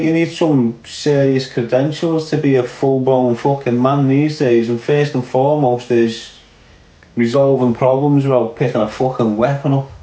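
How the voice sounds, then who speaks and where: Warm-toned and mid-range, this Liverpudlian man's voice carries an opinionated podcast rant. He's blunt and sweary, circling back to the same points for emphasis, and the recording echoes around the room.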